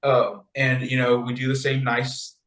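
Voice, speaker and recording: A man co-hosting a podcast, retelling a story casually and acting out characters' lines in animated voices. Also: medium pitch, unhurried, reverberant, low-quality recording. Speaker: podcast co-host.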